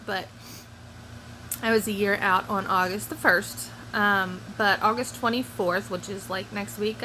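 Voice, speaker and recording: A woman's voice: mid-range voice, bright, forceful tone, a little hiss or hum, rough recording. Rambling middle-aged woman vlogging at home. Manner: rambling, many fillers and restarts. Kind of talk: casual chat to camera. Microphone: phone or camera close by.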